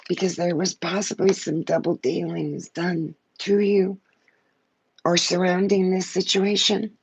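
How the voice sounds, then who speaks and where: A woman's voice: fairly low pitch, a little slow, creaky, slight background noise, rough recording. A woman giving a live-stream tarot reading, blunt and emotional, swearing freely and short of breath. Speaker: tarot card reader.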